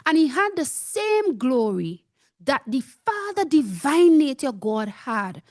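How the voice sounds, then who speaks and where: A woman's voice: high-pitched, sing-song, takes it slowly, no echo, studio quality. A woman preaching, reading scripture aloud and explaining it with emphasis, often checking that listeners follow. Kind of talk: Bible teaching sermon.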